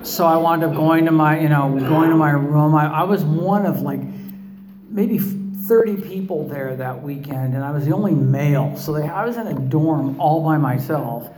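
A middle-aged man telling his recovery story to a meeting audience, with wry, self-mocking humor and halting restarts. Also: fairly high pitch, roomy sound, noisy background.

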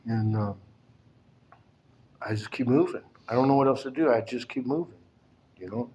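An older man giving a plainspoken, emotional personal testimony at a recovery support meeting, often halting and repeating himself. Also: medium pitch, warm tone.

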